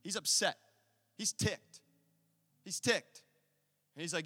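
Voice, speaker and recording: A man preaching an impassioned sermon as pastor in a church, loud and rousing, leading his congregation in call-and-response. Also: sits high, slow pace, pauses often, husky, in a large hall. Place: church sanctuary.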